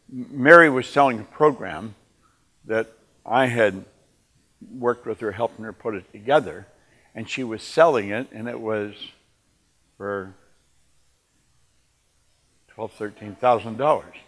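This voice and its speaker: A man giving a motivational talk, telling personal stories and moving from quiet moments to emphatic ones. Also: mid-range voice. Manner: animated, swings from quiet to emphatic. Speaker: motivational speaker. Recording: long reverb in a large hall.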